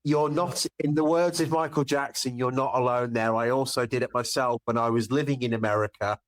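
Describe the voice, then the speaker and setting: A man's voice: mid-range voice, a little fast. A man chatting on a podcast, telling anecdotes animatedly and acting out the exchanges. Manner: animated storyteller, acts out exchanges. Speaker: podcast guest. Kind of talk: casual chat.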